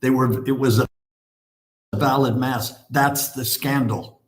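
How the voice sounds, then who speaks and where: A Catholic priest speaks in a measured, earnest way. His voice has an ordinary pitch for a man. The sound comes from a played-back clip with a roomy echo. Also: fairly even intonation. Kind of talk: earnest recounting of a story.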